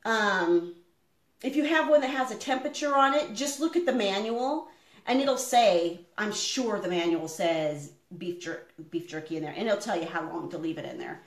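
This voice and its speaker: A woman's voice: medium pitch, animated, moderate pace. A middle-aged woman chatting casually on a live stream while she cooks in her home kitchen. She rambles, with plenty of fillers. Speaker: homestead vlogger. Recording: echoey room.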